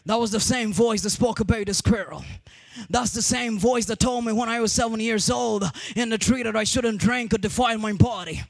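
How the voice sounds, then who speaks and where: A male preacher retelling a story in a sing-song sermon cadence, repeating and restarting words, building up to shouting. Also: very high voice, normal speed, gravelly, dry recording.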